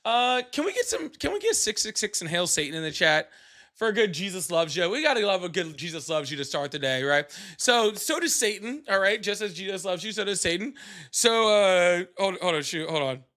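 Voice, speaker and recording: A man with a high, bright, forceful voice hosts a casual livestream chat. He jokes and teases the callers and laughs often. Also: very animated, a little fast. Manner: joking, teasing, laughs often. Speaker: livestream co-host.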